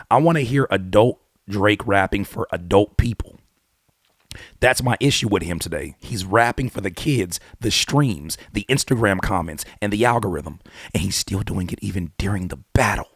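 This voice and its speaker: A man hosting his own channel, giving blunt, animated hip-hop commentary full of rhetorical questions and casual swearing. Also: fairly low pitch, dry recording, studio quality. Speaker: YouTube host and rapper. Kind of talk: opinionated music commentary.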